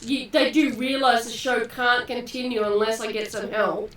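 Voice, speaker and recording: A woman's voice: a little high, fairly even intonation, normal speed, a loud crowd. A woman playing a tabletop game over a call, chatty and self-mocking. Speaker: player. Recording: echoey, distant call audio.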